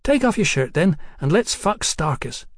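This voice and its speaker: Brief: man doing a high, loud, slurring tipsy working girl, brash and forthright, in a dry audiobook read. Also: very animated, moderate pace, no room sound. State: drunk. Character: tipsy bawdy young London working woman.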